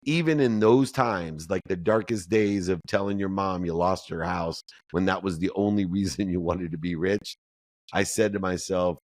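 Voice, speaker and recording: A middle-aged man telling his life story as a podcast guest, animated and acting out the voices of others in his tale. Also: moderate pace, dry recording. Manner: animated storyteller, acts out quoted dialogue in a higher voice. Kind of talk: storytelling interview answer.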